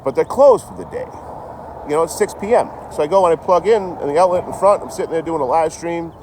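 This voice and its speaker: A man's voice: a little high, quick pace. A middle-aged man livestreaming outdoors, chatting casually and profanely in a rambling way and laughing at his own jokes. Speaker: traveling livestreamer. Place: outdoors by a rail yard office. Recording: outdoor street noise. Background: traffic and street noise.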